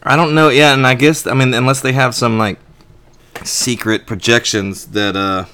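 A man's voice: medium pitch, fairly even intonation, moderate pace, bright, forceful tone, smooth. A man co-hosting a podcast in casual chat, rambling and opinionated with many restarts. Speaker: podcast co-host.

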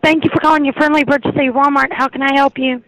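A woman's voice: high-pitched, flat delivery, fast, a bit bright, no echo. A woman answering a store phone line, polite and scripted. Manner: polite, scripted customer service phrasing.

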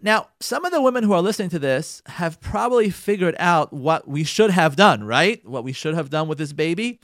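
A man hosting a radio talk show, telling a story in a casual, animated way, repeating phrases for emphasis and mixing in Yiddish and Hebrew words. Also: on the high side, moderate pace, no echo, clean studio sound. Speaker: radio show host, marriage counselor.

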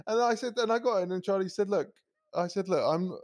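A man's voice: high voice, brisk. A man, telling a story on a casual podcast, swearing and acting out the people he quotes. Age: 30s. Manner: animated, swearing, acts out quoted voices, laughs often. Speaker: podcast co-host.

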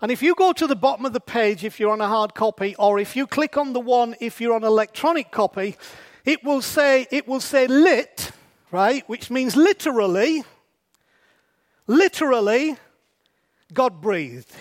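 A man with a strikingly high-pitched voice gives a sermon. He keeps it conversational and often stops to ask the congregation rhetorical questions. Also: lively intonation, normal speed. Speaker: preacher.

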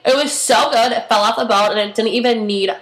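A young woman hosting a podcast, telling stories in a chatty, animated way. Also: a little high, a little fast. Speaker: podcast host. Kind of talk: casual chat. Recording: echoey room.

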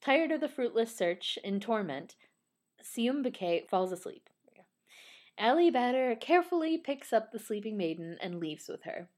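A woman's voice: a little high, very animated, unhurried, a little mellow. A woman in casual chat who reads a ballet synopsis aloud, often laughing and stumbling over unfamiliar names. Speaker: podcast co-host.

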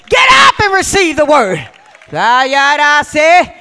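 A woman preacher delivering an exuberant Pentecostal-style sermon, calling out to the congregation, swinging between shouts and hushed scripture reading. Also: high-pitched, big pitch swings, measured pace. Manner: calls out and has the congregation repeat lines.

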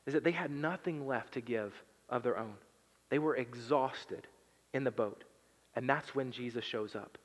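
A pastor giving a sermon in a conversational style, dropping to hushed tones and rising to emphatic bursts. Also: male voice, medium pitch. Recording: long hall reverb.

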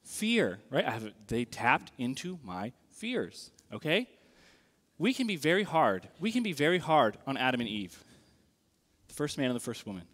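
A man preaching a sermon in a conversational, animated way, often checking in with the audience. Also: mid-range voice, moderate pace. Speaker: pastor. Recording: long reverb of a large hall.

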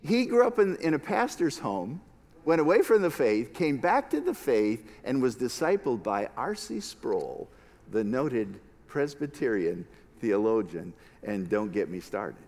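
A man preaching a sermon as a pastor, expressive, moving from hushed lines to emphatic ones. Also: medium pitch, a little slow, long reverb tail.

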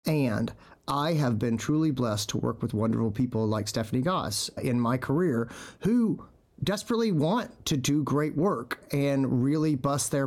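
Middle-aged guy host, casual podcast chat, acts out quotes, lively storyteller. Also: fairly high pitch. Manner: animated storyteller acting out quotes.

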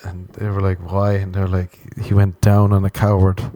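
Irish man, low-ish mellow voice, dry close sound, rambling comic podcast monologue, swears a lot. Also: monotone, normal speed, no echo. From Ireland. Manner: rambling, profane, laughs at his own jokes. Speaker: podcast host.

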